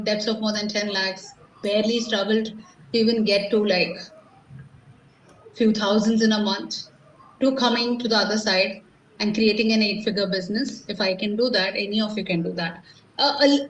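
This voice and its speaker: A woman's voice: mid-range voice, a little hiss or hum. A middle-aged woman with an Indian accent, giving a live motivational sales seminar and firing rhetorical questions at the audience. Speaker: sales coach. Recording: echoey room, distant mic, faint ambience.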